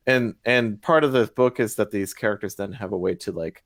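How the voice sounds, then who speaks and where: Game designer, male, low voice, rambling Q&A answers, dry close mic. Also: a little fast, no room sound. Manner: rambling, self-correcting, thinking aloud. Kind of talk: livestream Q&A chat.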